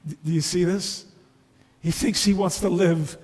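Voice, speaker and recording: A man's voice: high voice, fairly even intonation, measured pace, a little mellow, long reverb tail. A man preaching a sermon as a pastor, earnestly posing rhetorical questions to the congregation.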